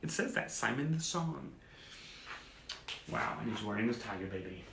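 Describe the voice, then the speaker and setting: Reading old clippings on a casual live stream, this host adds dry, self-deprecating remarks into a phone or webcam mic. His voice is mid-range and gravelly, animated at a normal speed, with reverb and a noisy background.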